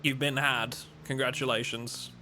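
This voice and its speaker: A young English man with a light Lincolnshire accent chats loosely with his viewers, full of fillers and jokes. His voice is bright and forward, with a faint hum behind it. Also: medium pitch, little pitch movement, unhurried, gravelly. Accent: Lincolnshire English, mild. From England. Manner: chatty, joking with chat, many fillers. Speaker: streamer. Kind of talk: casual live-stream chat.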